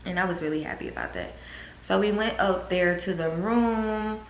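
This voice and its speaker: A woman's voice: medium pitch, moderate pace, a little hiss or hum. A woman, telling a storytime vlog with swearing and acted-out quotes. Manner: animated, swearing, acts out quotes. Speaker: vlogger. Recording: echoey room.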